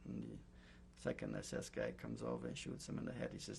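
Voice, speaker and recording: An older man recounting his memories in an oral history interview, speaking in a halting way with many pauses and fillers. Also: a bass voice, big pitch swings, gravelly, a little mellow, slight background noise. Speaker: Holocaust survivor giving testimony.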